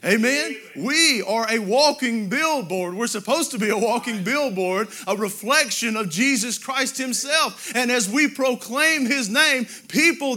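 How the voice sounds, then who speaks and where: A man preaching a sermon, drawing out Bible quotes and rising to loud emphatic exclamations. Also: very high voice.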